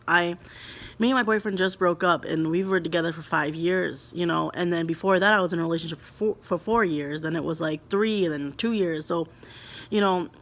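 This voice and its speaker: A young woman vlogging alone at home, talking to camera in a halting, confessional way, full of restarts and fillers. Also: fairly low pitch, fairly bright tone.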